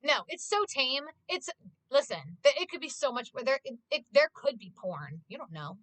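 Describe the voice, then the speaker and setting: A young woman livestreamer chatting casually with her viewers, gushing and fast, with lots of "like". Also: high voice, sing-song, fairly bright tone, no echo. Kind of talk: casual chat to stream viewers.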